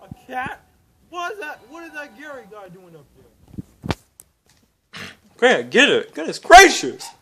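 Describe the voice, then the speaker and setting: A performer voicing a hot-tempered puppet hand who comments on a video game in character, yelling insults and exasperated questions. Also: high-pitched, wildly swooping pitch, measured pace, pauses often, exaggerated voice. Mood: raging. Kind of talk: comedic gameplay commentary in character. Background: video game music.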